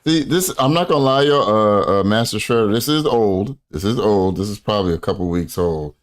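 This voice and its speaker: A man's voice: lowish voice, expressive, fairly quick. A man hosting a reaction commentary, mocking and profane, rambling as he talks. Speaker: commentary host.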